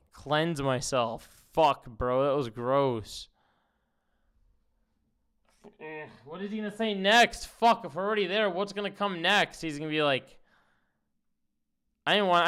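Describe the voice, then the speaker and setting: A man's voice: on the high side, fairly bright tone, clear, resonant tone. A young man streaming live, reacting to videos with profane, disgusted outbursts and casual chatter.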